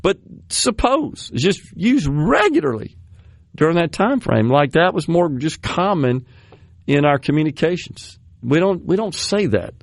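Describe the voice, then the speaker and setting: Rambling Southern talk radio host. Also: male voice, a little high, sing-song, normal speed, no echo, clean studio sound. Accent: Southern American. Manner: rambling, reminiscing, laughs often. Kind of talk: casual studio chat. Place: radio studio. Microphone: studio microphone.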